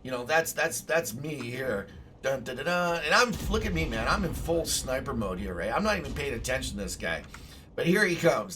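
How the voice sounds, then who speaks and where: A man giving casual commentary over his own gameplay, excitable, swearing and bursting into shouts. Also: a little high, a little fast, recorded from a distance, a little hiss or hum.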